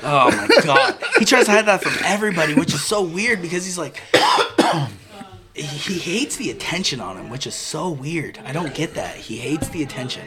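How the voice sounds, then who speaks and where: A man with a fairly high voice that swings widely in pitch while he tells a story. He talks casually and laughs through the tale, acting out each person he quotes. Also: sing-song, normal speed, a crowd in the background.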